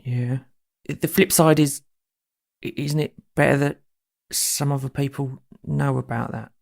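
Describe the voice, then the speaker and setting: A man playing a tabletop game in character, speaking hesitantly and halting with many ums. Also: medium pitch, steady tone, gravelly. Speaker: player.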